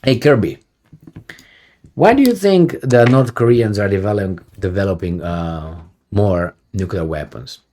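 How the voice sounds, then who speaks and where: A man's voice: lowish voice, animated, measured pace, warm tone, slight background noise. A middle-aged man giving a heated, sarcastic video commentary, with frequent profanity and rhetorical questions. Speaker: political commentator.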